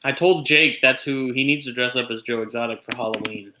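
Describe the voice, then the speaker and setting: A man's voice: mid-range voice, fairly quick, sharp tone, low-quality recording. A man hosting a casual podcast, making dry laid-back remarks. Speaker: podcast host. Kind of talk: casual chat.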